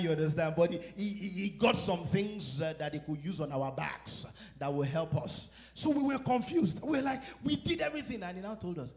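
Animated high-voiced pastor preaching. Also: male voice. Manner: animated, acts out quoted exchanges and laughs at his own stories. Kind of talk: sermon.

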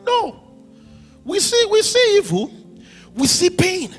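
A man preaching a sermon as pastor, swinging from hushed lines to shouted ones. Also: very high voice, very animated, slow, soft background music.

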